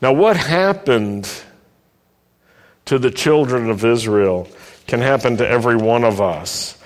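A man preaches at an unhurried pace, leaning hard on each point and pausing for listeners to repeat after him. His voice sits at an ordinary middle pitch. It rings with the long reverb of a large hall. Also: lively intonation. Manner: emphatic preaching, asks the congregation to repeat lines. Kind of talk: sermon.

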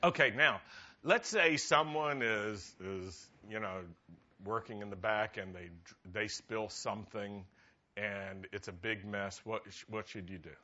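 A man's voice: lowish voice, a little slow, pushed and bright, highs cut off. A man preaching a humorous sermon as a rabbi, chatty and often laughing at his own jokes.

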